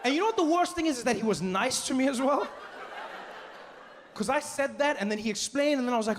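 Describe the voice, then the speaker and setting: A man from Africa doing animated, self-deprecating stand-up storytelling on a stage mic in front of a live audience. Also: high voice, brisk. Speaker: stand-up comedian. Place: large live venue with audience. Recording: echoey live venue with audience noise.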